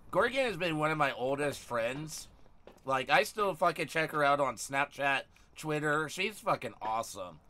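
Young man, live game streamer, high lively voice, bright, yelling, swearing a lot. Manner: loud, excitable, yelling, heavy swearing.

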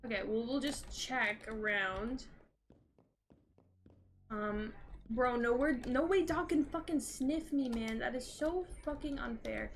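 High-voiced woman swearing through a horror game. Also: takes it slowly, slight background noise. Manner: profane, panicky, exclaiming. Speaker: streamer. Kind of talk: live horror game commentary.

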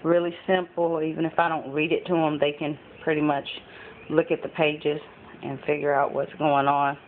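A woman's voice: deep voice, level tone, normal speed. A woman vlogging at home as a mom, chatting casually through a thrift haul with frequent ums. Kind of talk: casual show-and-tell chat. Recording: phone-like lo-fi with faint background noise.

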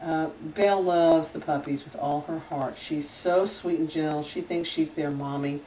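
A woman's voice: deep voice, steady tone, moderate pace, mellow, a little hiss or hum. Chatty, doting woman, slightly distant. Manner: chatty and doting, many fillers and restarts. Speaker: dog breeder. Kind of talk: casual home video tour. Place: indoors at home with puppies. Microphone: camera held by a helper. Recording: slightly distant, dull camera audio.

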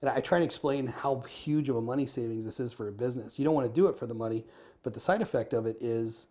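An American man, quick and earnest, tells a story in an interview, playing out the back-and-forth of everyone in it. His voice is dark and mellow, and his pace barely lets up. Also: medium pitch. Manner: earnest, fast storyteller acting out dialogue. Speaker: podcast guest.

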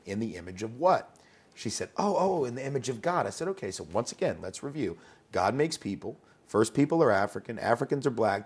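A man's voice: lowish voice, darkish tone, husky. A man being interviewed as an educator, talking conversationally and telling anecdotes, often repeating words as he starts a thought.

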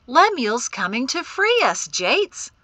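A woman's voice: fairly high pitch, lively intonation, slow, pushed and bright, dry recording, voice pushed up, full character voice. A woman reading an audiobook, voicing a young man who speaks with sarcastic, fake cheer.

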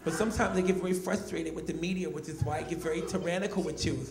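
A man performing a stand-up comedy set, telling stories with animated energy, recorded in a club with the audience around him. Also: fairly high pitch, quick pace, background noise. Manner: animated storytelling with put-on voices. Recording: roomy club audio with crowd laughter. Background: audience laughing.

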